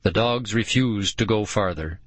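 Slow, low-voiced male narrator. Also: slightly rough, no echo. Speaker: audiobook narrator. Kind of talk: scripted first-person narration.

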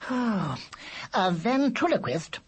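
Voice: mid-range voice, big pitch swings, slow pace, husky, voice pushed up, full character voice. A reader voicing a clever talking baby boy who speaks in a dry, patient, know-it-all way. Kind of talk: audiobook character voice.

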